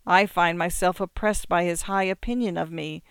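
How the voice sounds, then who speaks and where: A measured, reflective narrator reading literary fiction aloud. The voice is smooth and resonant, recorded on a close studio mic with a completely dry sound. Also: mid-range voice, fairly even intonation, fairly bright tone, no echo. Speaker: audiobook narrator.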